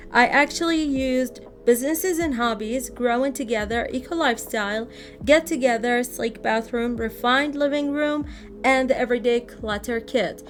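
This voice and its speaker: A woman giving a casual, chatty voice-over tour of a game build, sometimes searching for words and laughing lightly. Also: fairly high pitch. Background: faint background music.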